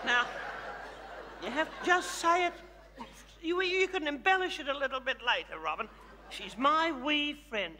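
A man does live stage comedy as a comedy host, playing a brash, self-adoring older woman diva with an Australian accent, and his voice is high, bright and theatrical. He sounds animated and bossy, fussing over things and adoring himself, at a measured pace with frequent pauses. The live theatre recording has hall reverb and a noisy background.

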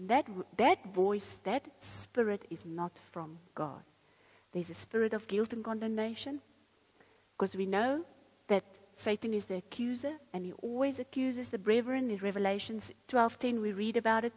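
A woman's voice: on the high side, measured pace, husky, long reverb tail, rough recording. A woman preacher giving a sermon, reading scripture aloud and then explaining it earnestly.

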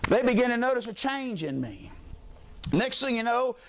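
A man's voice: very high voice, sing-song, normal speed, creaky. A middle-aged man preaching a sermon as pastor, telling folksy stories in plain colloquial speech and dropping frequent amens.

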